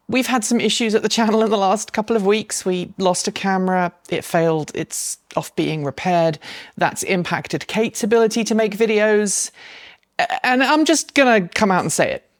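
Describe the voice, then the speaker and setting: Woman vlogging at home, lower voice, chatty with asides, dry close sound. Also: dry recording. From United States. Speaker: channel host. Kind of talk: casual vlog with sponsored segment. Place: home dining room.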